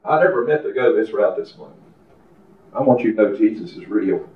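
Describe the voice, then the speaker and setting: An older man preaching a fervent testimony sermon in a church, building to shouting. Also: lowish voice, expressive, a little fast. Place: church sanctuary. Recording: echoey, distant, dull church recording.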